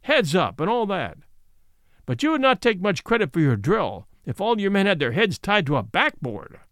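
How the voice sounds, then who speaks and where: A man's voice: sits high, big pitch swings, normal speed, fairly bright tone, no echo, studio quality. A man voicing a stern, principled country squire scolding others.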